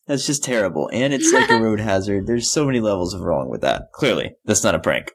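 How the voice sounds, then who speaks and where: A man co-hosts a casual podcast in a very low voice that still swings widely in pitch. He makes dry, joking remarks and laughs often. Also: big pitch swings, brisk. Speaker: podcast co-host. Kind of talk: casual chat.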